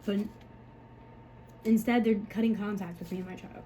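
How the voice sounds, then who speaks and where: A woman's voice: mid-range voice, fairly even intonation, normal speed, mellow, slight background noise, rough recording. A woman, a mother, talking to camera in a rambling, frustrated way, full of fillers and swearing. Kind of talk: emotional personal monologue.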